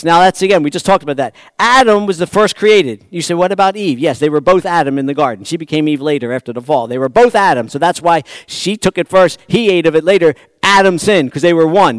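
A man preaching a sermon to a congregation, moving between hushed, slow passages and fervent, rising exhortation, with folksy asides to his listeners. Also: high voice, smooth, no room sound. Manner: shifts from hushed intimacy to impassioned, rising exhortation. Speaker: pastor. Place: church sanctuary.

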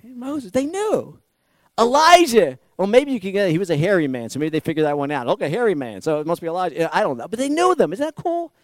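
High-voiced, animated man preaching a sermon. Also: fast, dry recording. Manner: animated, acts out quoted voices, laughs often. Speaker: pastor.

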